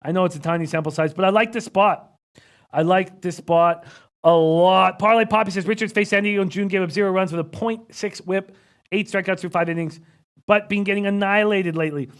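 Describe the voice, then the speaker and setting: High-voiced man talking betting picks. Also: clear, resonant tone. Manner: chatty, reads viewer comments aloud. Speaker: sports betting analyst host. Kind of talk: casual livestream picks talk.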